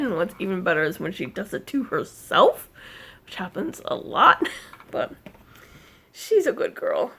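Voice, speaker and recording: A woman's voice: animated, measured pace, sharp tone. Chatty, easily distracted woman vlogger. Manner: scolds her cat in a high voice. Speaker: cross-stitch vlogger. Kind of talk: casual crafting vlog chat.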